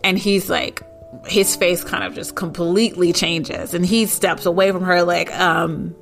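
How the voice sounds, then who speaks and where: A woman's voice: on the low side, little pitch movement, a little slow, creaky, soft background music. A woman casually recapping an episode, rambling with lots of "like" and "you know" and getting indignant at outrageous moments. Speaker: show recapper.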